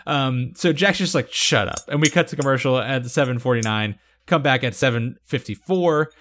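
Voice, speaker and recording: A man's voice: mid-range voice, normal speed. A man hosting a podcast, casually recapping a TV episode and acting out lines with laughter. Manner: animated storytelling, acts out quotes with laughter. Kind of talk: casual chat.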